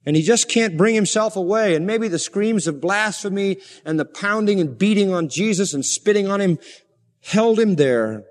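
High-voiced preacher man in a reverberant hall. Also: expressive, normal speed. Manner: earnest preaching, rising to fervent emphasis. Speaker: pastor. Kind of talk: sermon.

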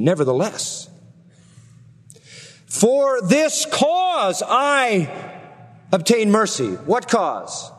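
Male preacher, high-pitched, emphatic sermon delivery with rhetorical questions; long reverb of a big hall. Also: a little mellow, husky. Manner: emphatic preaching, rising high on key words, slowing to stress; asks the congregation rhetorical questions. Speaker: pastor.

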